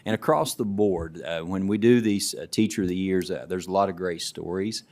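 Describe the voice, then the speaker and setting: A middle-aged man with a notably low voice gives presentation remarks as an education commissioner. He talks in a relaxed, anecdotal way, restarting phrases as he goes. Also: normal speed. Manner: relaxed storytelling, frequent restarts. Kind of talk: presentation remarks to a student council.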